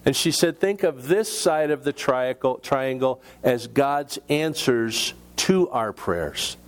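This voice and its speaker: A man preaching a sermon in a slow, deliberate way, with measured pauses between phrases. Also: medium pitch, animated. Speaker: pastor.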